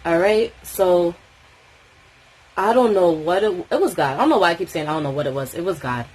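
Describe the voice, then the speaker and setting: A young woman from Tobago telling a story in casual vlog chat, animated and swearing freely. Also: fairly low pitch, fairly quick, husky, poor audio. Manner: animated, swearing freely, acting out quoted voices.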